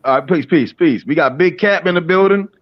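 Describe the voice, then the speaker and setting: A man's voice: on the high side, fairly quick. A man with a Baltimore accent co-hosting a boxing show, trash-talking in a rowdy, teasing way and repeating himself. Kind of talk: rowdy trash-talk banter. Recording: dull lo-fi audio.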